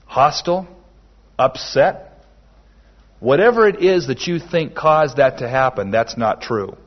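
A man preaching a sermon slowly and emphatically, with dramatic pauses. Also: mid-range voice, lively intonation. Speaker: pastor. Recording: dull lo-fi sermon recording.

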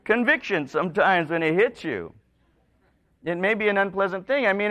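A man preaching a sermon, telling stories in an animated way and sometimes dropping to quiet, low asides. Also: fairly quick. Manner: storytelling, animated, rising in pitch for emphasis. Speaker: pastor.

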